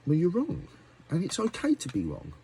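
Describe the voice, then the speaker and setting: A man's voice: high voice, wildly swooping pitch, normal speed, dark tone, a little hiss or hum. A man ranting angrily at his viewers, swearing often and firing off rhetorical questions. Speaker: musician vlogger. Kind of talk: angry rant to camera.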